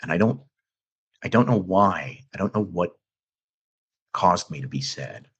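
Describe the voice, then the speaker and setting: A man recounting a personal encounter as a podcast guest, talking in a halting, earnest way with many restarts. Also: low voice, animated, slightly rough, dull audio. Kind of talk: casual storytelling.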